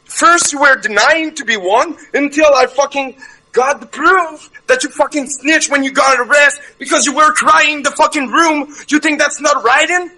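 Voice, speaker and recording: A man's voice: extremely high pitch, normal speed, pushed and bright, low-quality recording. A man taunting and swearing at someone in a heated voice-chat argument, laughing between jabs.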